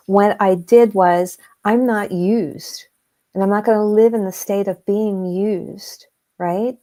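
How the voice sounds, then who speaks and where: A woman, a guest, recounts a personal story with emotion and animation. Her voice sits at a middle pitch. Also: darkish tone.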